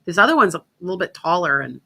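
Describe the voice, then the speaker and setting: A woman's voice: lowish voice, very animated, fast, gravelly, bright, forceful tone, breathy edge. A woman hosting a psychic radio show in casual, rambling chat, often restarting her sentences. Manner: chatty, rambling, self-interrupting.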